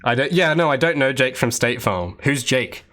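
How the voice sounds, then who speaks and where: Over soft background music, an Australian game developer chats casually with livestream viewers as he works, speaking at a medium pitch and moderate pace with lively intonation and a fairly bright tone. His talk rambles, with restarts and asides.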